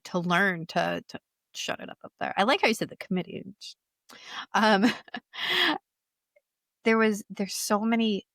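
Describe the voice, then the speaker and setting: A woman's voice: medium pitch, fairly bright tone, no room sound, clean studio sound. A woman speaking candidly in an interview, telling her own story openly and animatedly, often breaking into laughter. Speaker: guest.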